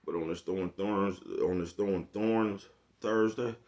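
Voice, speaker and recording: A man's voice: deep voice, steady tone, measured pace, darkish tone. A man talking in a laid-back monologue, full of profane slang and repeated check-ins with the listener. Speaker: vlogger. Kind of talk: casual monologue.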